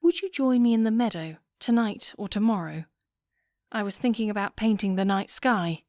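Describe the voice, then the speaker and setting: A woman reading a proud, spirited young noblewoman with a poised, sharp manner, in an audiobook. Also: mid-range voice, lively intonation, normal speed, no room sound, studio quality, natural voice.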